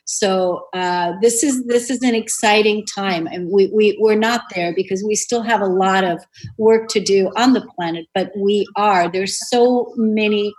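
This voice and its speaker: A woman's voice: mid-range voice, unhurried, darkish tone, poor audio. A woman hosting a spiritual radio show, talking in an earnest, flowing way with fillers and restarts. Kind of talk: spiritual conversation.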